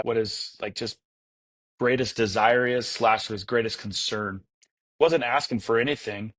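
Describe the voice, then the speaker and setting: Enthusiastic rambling man, interview guest. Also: mid-range voice. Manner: enthusiastic, rambling, many fillers and restarts. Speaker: guest, entrepreneur. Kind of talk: casual interview storytelling.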